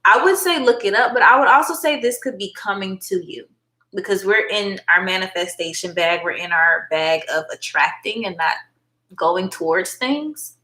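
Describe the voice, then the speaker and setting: Chatty woman doing a live tarot reading on her phone, bright voice, echoey room. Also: mid-range voice, moderate pace. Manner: chatty, affectionate, spiritual. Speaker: tarot reader and livestream host.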